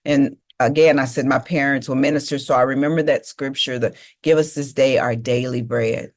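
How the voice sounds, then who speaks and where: A woman's voice: very deep voice, steady tone, moderate pace. A middle-aged woman giving a motivational speech, telling her life story emphatically and speaking straight to the audience. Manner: emphatic, repeats key phrases, addresses audience directly.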